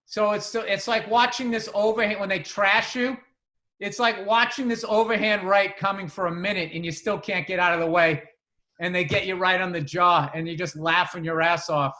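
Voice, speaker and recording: A man from the greater area, chatting on a podcast in a profane, animated storytelling way. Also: high-pitched, normal speed. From greater Boston area. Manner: profane, animated storyteller who acts out sounds. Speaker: podcast co-host. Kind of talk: casual chat.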